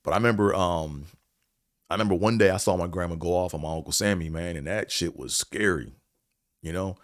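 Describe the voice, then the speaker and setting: A man's voice: deep voice, brisk, no echo, clean studio sound. A man hosting a podcast, telling a story and reflecting in a rambling, casual way, with many fillers and casual swearing. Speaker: podcast host.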